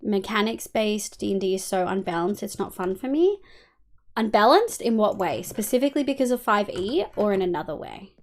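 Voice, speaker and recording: Lively Australian woman streamer. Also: medium pitch, moderate pace. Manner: chatty, swears casually, thinks aloud while playing. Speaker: live streamer. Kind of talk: casual gameplay chat answering viewers.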